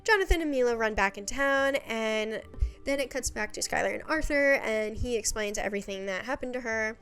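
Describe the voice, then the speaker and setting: A woman's voice: fairly high pitch, brisk, fairly bright tone, soft background music. A young woman giving a casual, chatty recap of a web series, full of sassy, exasperated asides.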